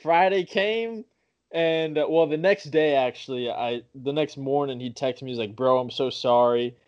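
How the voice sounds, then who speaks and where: A man's voice: on the high side, fairly even intonation, moderate pace, darkish tone. A young man telling a rambling story in casual talk, swearing often and correcting himself as he goes. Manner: profane, rambling, self-correcting. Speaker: podcast guest. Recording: dull lo-fi sound.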